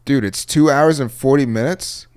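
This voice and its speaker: A man's voice: mid-range voice, normal speed, a little mellow, smooth. A young man in his twenties hosts a podcast with easy, laid-back chat. He keeps asking curious follow-up questions. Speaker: podcast host.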